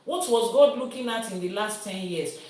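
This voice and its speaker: Speaking at normal speed in a medium-pitched voice, a woman from Nigeria who is a priestess answers viewers' questions and teaches. Her delivery is lively and teacherly, full of everyday comparisons, and the distant mic gives a roomy sound.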